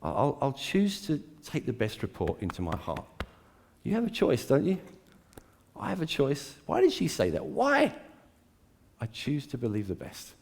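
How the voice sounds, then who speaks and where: A man preaching a sermon to a church, dramatic and swinging between hushed, intimate lines and emphatic climbs. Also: a little high, wildly swooping pitch, moderate pace, gravelly. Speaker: pastor.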